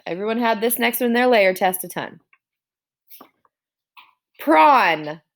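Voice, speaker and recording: A woman's voice: a little high, fast talker. A woman teacher giving a classroom spelling dictation, sounding out words syllable by syllable.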